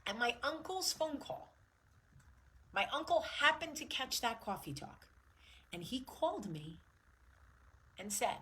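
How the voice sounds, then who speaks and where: A woman's voice: high-pitched, sing-song, unhurried, long pauses, sharp tone, husky, poor audio. A woman in her forties hosting her own vlog, talking candidly and emotionally and swearing freely. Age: 40s. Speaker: show host. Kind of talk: candid personal vlog monologue.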